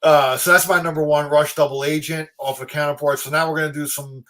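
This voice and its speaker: A man's voice: on the high side, steady tone, fairly quick, fairly bright tone. A laid-back male podcast co-host chatting casually and laughing often. His voice sits a little above average for a man. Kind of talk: casual chat.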